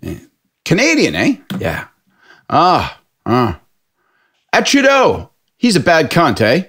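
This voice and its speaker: A man voicing a burly, half-drunk man in his thirties who picks a fight in a pub, loud and coarse. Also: on the high side, wildly swooping pitch, takes it slowly, husky, pitched above the performer's own voice, exaggerated voice. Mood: taunting. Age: 30s.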